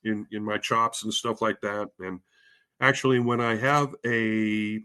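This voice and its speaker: A man's voice: fairly low pitch, fairly even intonation, a little slow, sharp tone, clear, resonant tone. Man from spokane, casual interview talk, rambling, lots of fillers and restarts, self-deprecating. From Spokane, Washington. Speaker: guest, head of bands at a music school.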